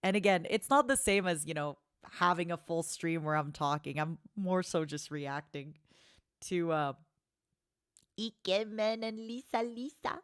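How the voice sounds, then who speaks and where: A woman's voice: low voice, moderate pace, fairly bright tone, smooth, no echo, clean studio sound. A woman streamer chatting casually and gushing playfully as she reacts on a watchalong. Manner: gushing, playful, laughs often.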